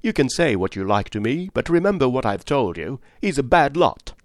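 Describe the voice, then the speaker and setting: A man voicing a brusque, blunt middle-aged spinster who speaks in curt, forceful bursts. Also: mid-range voice, sing-song, moderate pace, dry recording, studio quality, pitched above the performer's own voice, lightly acted. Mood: indignant.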